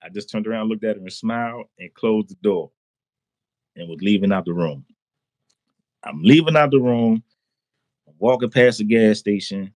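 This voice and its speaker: A man giving a personal testimony in casual, slangy speech, excited, often repeating himself and laughing. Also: on the low side, normal speed, pauses often, dry recording. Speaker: testimony guest.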